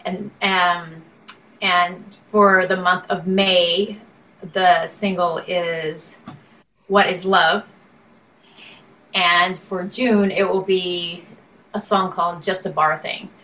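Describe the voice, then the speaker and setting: A woman's voice: fairly low pitch, fairly even intonation, takes it slowly, long pauses, sharp tone, poor audio. A woman singer-songwriter and benefit auctioneer talking casually as an interview guest, rambling, restarting sentences and laughing often.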